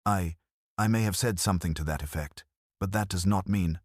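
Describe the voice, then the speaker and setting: A man's voice: deep voice, moderate pace, darkish tone, dry recording, clean studio sound. A man voicing a middle-aged male lawyer who speaks in a tight, strained, indignant way. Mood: tense, defensive.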